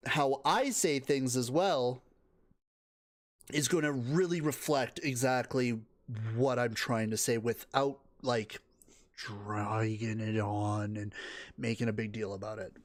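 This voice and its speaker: Brief: male reaction host, mid-pitched, chatty and loose, dry close sound. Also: steady tone, slow pace, no echo. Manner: chatty, laughs often, swears. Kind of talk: casual reaction commentary.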